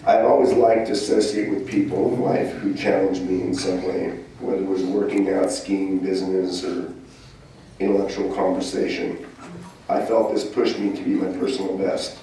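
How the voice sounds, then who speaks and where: Older man, very low voice, memorial eulogy, distant mic, echoing hall, faint background noise. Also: flat delivery, normal speed, mellow. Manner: humorous storytelling. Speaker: eulogy speaker, son-in-law. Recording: echoey hall from far off.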